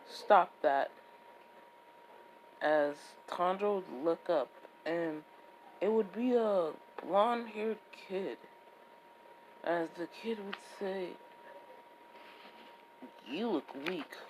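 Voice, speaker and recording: A woman's voice: mid-range voice, darkish tone, a little hiss or hum, poor audio. A woman improvising a fan story in a rambling way, with frequent restarts and repeated "would be like" tags.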